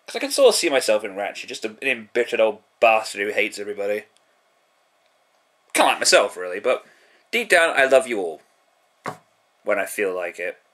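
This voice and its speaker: A man's voice: lowish voice, very animated, brisk, long pauses, fairly bright tone. A British man giving a casual, sarcastic spoken review, swearing freely and cracking self-mocking jokes. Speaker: TV show reviewer.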